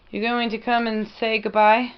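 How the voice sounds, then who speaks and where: A woman's voice: a little high, clear, resonant tone. A woman in a casual home vlog, chatting fondly to her pet pigeon as she films. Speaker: pet owner vlogger. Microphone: camera mic. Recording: dull lo-fi camera audio with noise.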